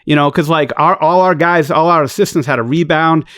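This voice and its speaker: A man's voice: on the high side, a little fast, a bit bright, no room sound, studio quality. A man guest on a podcast, telling a long story in a blunt, profane, rambling way. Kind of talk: casual storytelling chat.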